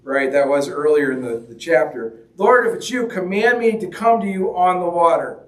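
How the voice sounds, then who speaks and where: Speaking at a normal speed, the man has a fairly high pitch and a lively, varied delivery. His church hall sermon is chatty and jokey, with quoted lines acted out, and the recording carries a roomy echo from a faraway mic.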